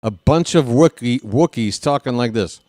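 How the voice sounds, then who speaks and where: A man calling live baseball play-by-play in a casual way, with jokey, rambling asides between pitches. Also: animated, moderate pace, dark tone, no echo. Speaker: play-by-play announcer.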